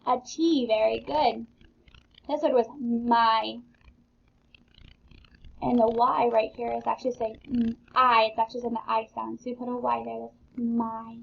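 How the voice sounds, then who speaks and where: A woman's voice: fairly high pitch, little pitch movement, a little slow, creaky, husky. A woman teaching a phonics lesson to young children, patient and encouraging, spelling words out letter by letter. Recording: dull lo-fi sound.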